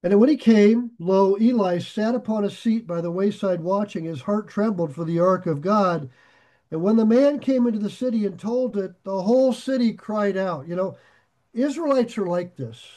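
A man teaching a verse-by-verse Bible study, reading scripture aloud and breaking into chatty asides. He gets excited easily and raises his voice. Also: sits high, normal speed.

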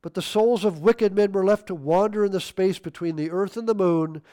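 A man preaching a sermon, emphatic, swinging between loud stressed words and quiet asides. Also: sits high, moderate pace, smooth.

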